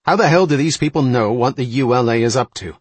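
A sharp, insistent male intelligence analyst, as a man reads him pushes his argument hard in an audiobook. His voice sits fairly low and husky, with a dry, close sound. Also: lively intonation, normal speed, no echo. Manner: pressing, argumentative.

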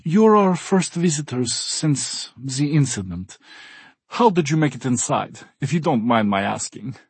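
A big blond AI host greets visitors in a slight German accent, cheerful and unfailingly polite. A man voices him, pitching his husky voice well up and drawing the words out slowly. The sound is dry and close. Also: expressive, dry recording. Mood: apologetic polite. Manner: cheerful, polite, slow and formal.

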